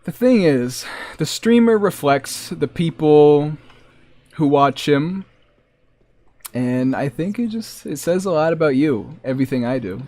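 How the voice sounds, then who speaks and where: A man's voice: mid-range voice, a little mellow. A man streaming a game live, chatting in a joking, rambling, self-mocking way at a desk microphone. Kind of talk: casual live gameplay commentary.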